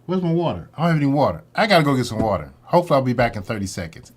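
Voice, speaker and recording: A man's voice: medium pitch, big pitch swings, very fast. A man hosting a morning livestream in a casual, chatty way, greeting viewers by name and repeating his catchphrases. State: a little out of breath. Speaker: host of a morning drama-recap livestream.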